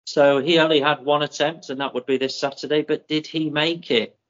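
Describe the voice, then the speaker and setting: A man's voice: on the high side, steady tone, a bit bright. Man, podcast co-host, methodical, muffled sound. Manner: methodical, with many ums and drawn-out names. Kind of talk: casual chat, reading out running results. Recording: muffled lo-fi audio.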